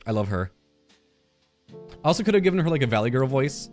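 A man giving playful, excitable commentary over a video game playthrough, joking with his viewers. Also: mid-range voice, brisk, pauses often, faint music behind. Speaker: gaming YouTuber. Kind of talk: let's play commentary.

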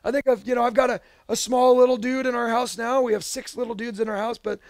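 A man with a very high voice preaching a sermon. He is earnest and emphatic, drops into casual asides and sometimes raises his voice hard. The sound is close and dry, with no room echo. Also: steady tone, fast. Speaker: pastor.

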